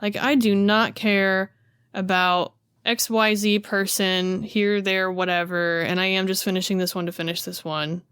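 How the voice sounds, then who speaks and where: A woman's voice: mid-range voice, little pitch movement, a little slow, a bit bright, smooth, no room sound, clean studio sound. A woman chatting casually as a podcast co-host, loose and full of fillers. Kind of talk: casual chat.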